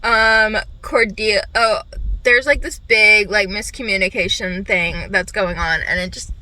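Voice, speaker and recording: A young woman chatting casually in a book vlog, animated and quick to swear, filmed on a phone. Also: mid-range voice, rough recording. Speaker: book vlogger. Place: at her workplace before clocking in.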